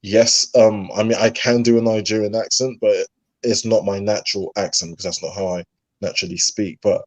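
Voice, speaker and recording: A man's voice: on the low side, little pitch movement, fairly quick, darkish tone, dry recording. A young man from England with a London accent, chatting earnestly as a guest with frequent fillers. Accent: London English. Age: young adult. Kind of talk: casual chat.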